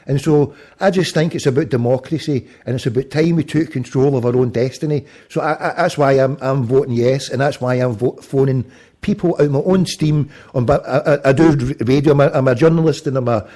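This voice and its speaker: A man's voice: medium pitch, fairly quick, warm tone. A Scottish man with a Glasgow accent, a radio presenter chatting on a phone-out show, full of stammered restarts and muttered asides. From Scotland. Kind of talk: casual phone-in talk radio.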